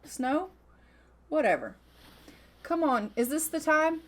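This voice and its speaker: A woman's voice: high voice, sing-song, slow. A young adult woman giving casual gameplay commentary, chatty and swearing freely while voicing her character. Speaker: gaming YouTuber narrating her Sims play.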